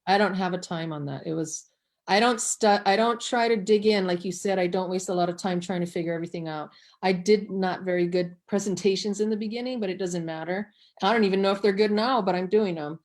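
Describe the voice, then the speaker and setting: A woman's voice: mid-range voice, brisk, a little mellow. A woman guest on a casual team call, plain-spoken and matter-of-fact. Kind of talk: casual chat.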